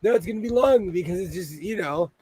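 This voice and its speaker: A man with a Minnesotan accent hosting a sewing livestream, chatting playfully and breaking into loud laughing exclamations. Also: high voice, animated, brisk, over a noisy crowd. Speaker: sewing channel host. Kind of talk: casual livestream chat.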